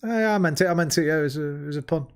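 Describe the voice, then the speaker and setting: A man's voice: on the high side, racing. Chatty man with a Midlands accent. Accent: Midlands English. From English Midlands. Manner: chatty, swears freely, laughs a lot. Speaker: livestreamer. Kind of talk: casual commentary.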